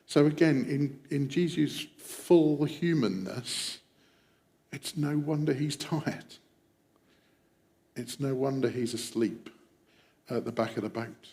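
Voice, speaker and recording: A man preaching a devotional sermon, reflective, dropping his voice to a hush when voicing quoted prayers. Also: medium pitch, slow, pauses often, long reverb tail. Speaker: pastor.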